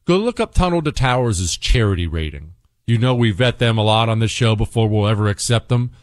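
A man's voice: fairly low pitch, expressive, fairly quick, no echo, clean studio sound. A young adult man hosting a talk radio show, ranting emphatically and sarcastically in repeated punchy lines. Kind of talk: opinionated talk radio monologue.

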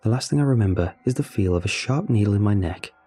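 A young man narrating a first-person horror story in a somber, measured, confessional way. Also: lowish voice, lively intonation, mellow, breathy edge. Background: faint music.

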